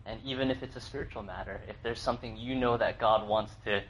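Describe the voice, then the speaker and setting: Young male pastor, mid-pitched, chatty and self-deprecating, sermon on a faint noise bed. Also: fairly even intonation, quick pace, a bit bright, poor audio. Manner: conversational, laughs often, many fillers and restarts. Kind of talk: casual sermon with personal story.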